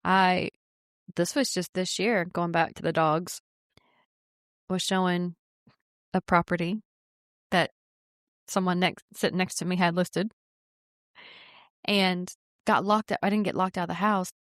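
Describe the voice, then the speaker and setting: A woman realtor co-hosting a podcast, telling stories in casual chat with animated, excited delivery. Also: fairly low pitch, a little slow, long pauses, no room sound, clean studio sound. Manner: animated, rising to excited bursts when telling a story.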